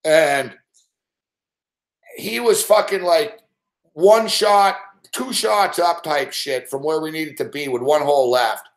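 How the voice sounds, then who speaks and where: A man hosting a late-night sports betting rant, swearing and yelling excitedly at the game while telling stories. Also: on the high side, slow. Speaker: sports betting show host. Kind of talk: live rant while watching games.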